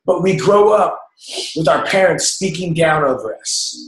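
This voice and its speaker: Speaking a little slowly in a slightly high, expressive voice, a man gives a forceful motivational talk to a group. He coaches them to abandon doubt, and the room around him echoes.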